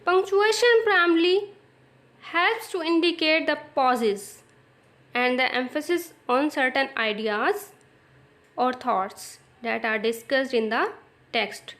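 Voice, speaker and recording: A woman with a Pakistani English accent, teaching a recorded English lesson, explaining slowly and repeating phrases for emphasis. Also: sits high, fairly bright tone.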